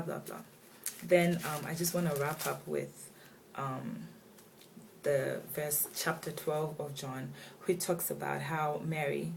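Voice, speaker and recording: A woman's voice: low voice, creaky, a little mellow. A woman giving a casual, chatty Bible devotional, retelling scripture in slangy everyday words. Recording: distant mic with faint background noise.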